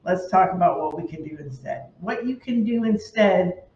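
A woman's voice: lowish voice, animated, normal speed, warm tone. A woman hosting a tarot channel, chatting casually to camera and telling stories that play up her own worries. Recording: roomy, distant, dull lo-fi sound.

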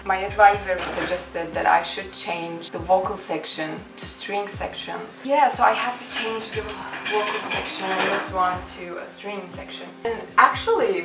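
A woman's voice: mid-range voice, low-quality recording. Chatty young woman vlogging over music. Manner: chatty, playful, laughs between phrases. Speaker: music production student vlogger. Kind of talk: casual vlog chat. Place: home recording setup, indoors. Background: music playing underneath.

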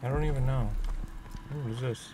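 A man's voice: mid-range voice, fairly even intonation, brisk. A man giving casual gameplay commentary, swearing freely and coaxing enemies along with repeated calls. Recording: commentary over noisy game audio.

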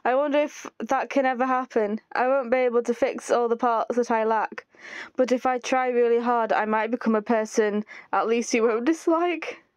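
A woman's voice: fairly high pitch, fairly even intonation, normal speed, no room sound, natural voice. A woman reading aloud the chat lines of an anxious, self-blaming young man who pleads not to be left. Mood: pleading. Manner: pleading, apologetic.

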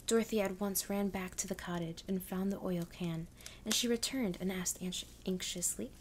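A woman reads a storybook as whispered role-play ASMR, her voice mostly an unvoiced whisper. She keeps an even, unhurried pace. A faint hiss sits behind her. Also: mid-range voice. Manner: soft-spoken, unhurried reading.

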